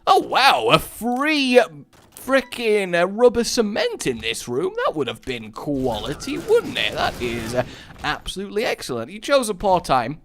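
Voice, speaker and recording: A man hosting a gaming channel, giving excitable, gushing gameplay commentary and mimicking explosion sounds. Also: sits high, a little slow, slight background noise.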